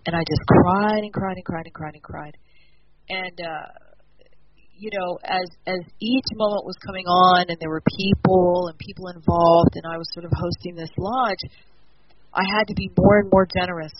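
A woman in her fifties telling a long personal spiritual story as a guest, in a meandering, repetitive way. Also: on the low side. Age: 50s. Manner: meandering, repetitive, soft-spoken. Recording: dull lo-fi audio with steady noise.

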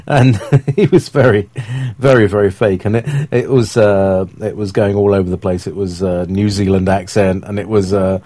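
Low-voiced rambling male host. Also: fairly even intonation, moderate pace, dark tone, no echo. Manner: rambling, hesitant, full of fillers and laughs. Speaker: show host. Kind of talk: casual live-stream talk.

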